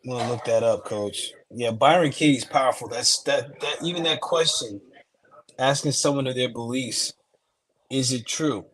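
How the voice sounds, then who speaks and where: A man with a husky, breathy voice chats casually. He talks in a loose, slangy way and wanders from thought to thought as he speaks. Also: mid-range voice, normal speed, fairly bright tone, poor audio. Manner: laid-back and slangy, rambling. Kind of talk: casual chat.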